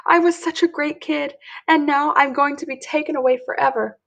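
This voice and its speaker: A woman voicing an excitable, dramatic little girl in a high, theatrical voice for a storybook read-aloud. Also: brisk, creaky.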